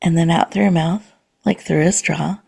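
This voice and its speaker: A woman hosting a podcast, leading listeners through a slow, soothing mindfulness and breathing exercise. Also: fairly low pitch, fairly even intonation, creaky, darkish tone, breathy edge. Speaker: podcast host.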